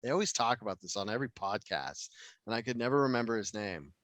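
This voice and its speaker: A man's voice: fairly low pitch, expressive, fast, fairly bright tone, no echo. A man co-hosting a podcast, rambling casually and swearing often in loose conversation. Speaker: podcast co-host.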